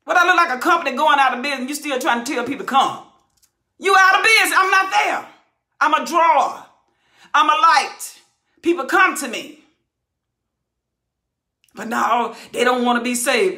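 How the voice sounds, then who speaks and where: High, bright, hollering woman preacher. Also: moderate pace, long pauses. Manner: hollering, emphatic, repeats phrases. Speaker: Bible teacher. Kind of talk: impassioned verse-by-verse preaching. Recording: roomy echo.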